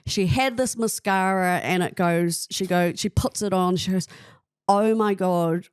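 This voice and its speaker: A woman's voice: fairly low pitch, moderate pace, smooth, no echo, studio quality. A young woman, a podcast guest chatting casually and telling gossipy stories. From New Zealand.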